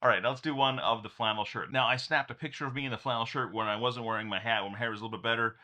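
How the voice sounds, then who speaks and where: Bright-voiced upbeat man tutorial host. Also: mid-range voice, steady tone, very fast. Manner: upbeat, chuckles often, frequent restarts. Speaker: tech tutorial creator. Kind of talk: casual screen-share tutorial.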